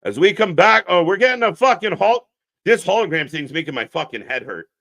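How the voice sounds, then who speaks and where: A man's voice: high voice, sing-song, fairly quick, vocal fry, a bit bright. A man hosting a live wrestling watch-along stream, riffing bluntly and sarcastically with lots of swearing while talking to the chat. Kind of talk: unscripted live alternative commentary.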